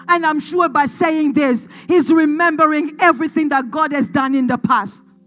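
A woman pastor preaching a passionate sermon in church, often shouting, with frequent "uh" fillers. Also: high voice, steady tone, normal speed, soft background music.

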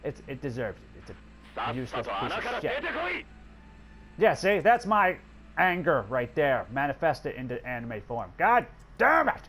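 A man's voice: medium pitch, big pitch swings, moderate pace, fairly bright tone, a little hiss or hum. A man commenting on his own strategy game play, exasperated and swearing, talking to the characters on screen. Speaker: gameplay commentator.

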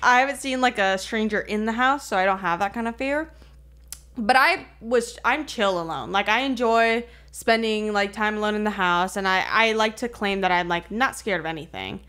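A woman's voice: mid-range voice, moderate pace, fairly bright tone. Picture a young woman on a podcast who talks the way she texts: rambling, dropping "like" every few words, and swearing without a second thought. Her voice sits in a middle range. It is loose, casual chat rather than anything prepared. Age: young adult. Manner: rambling storytelling, heavy "like" fillers, frequent swearing. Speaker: podcast co-host.

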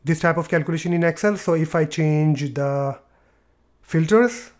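Male tutor, higher-pitched, talks through each click plainly, light typing in background. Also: moderate pace, darkish tone. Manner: explains step by step with fillers and repeats. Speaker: tutorial presenter. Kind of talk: screen-recorded software tutorial.

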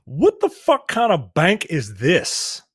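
A man co-hosting a casual film review, bantering quickly with laughter and swearing. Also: a little high, huge pitch swings, very noisy. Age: 40s. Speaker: podcast co-host. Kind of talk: casual movie review chat.

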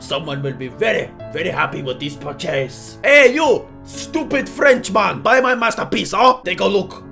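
A man's voice: sits high, expressive, normal speed, gravelly, pushed and bright, faint music behind. A man with a sore throat giving casual, sweary gaming commentary. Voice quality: swears casually, laughs at his own jokes. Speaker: gaming YouTuber.

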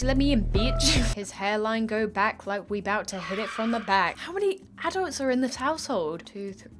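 A woman's voice: medium pitch, noisy background. A nineteen-year-old woman doing casual gameplay commentary, crude and constantly swearing, often breaking into laughter. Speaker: gaming YouTuber.

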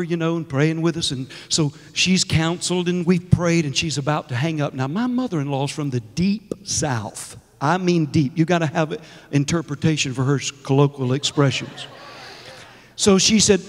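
This sermon comes from a middle-aged guest minister whose fairly high voice keeps a moderate pace. He laughs frequently and calls out exuberantly to the congregation, all within a church sanctuary with long reverb.

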